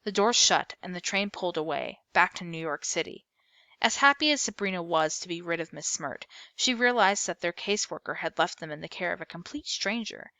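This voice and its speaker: Lower-pitched woman reading a novel aloud. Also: brisk, no echo. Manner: steady read-aloud with small slips and self-corrections. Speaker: storyteller.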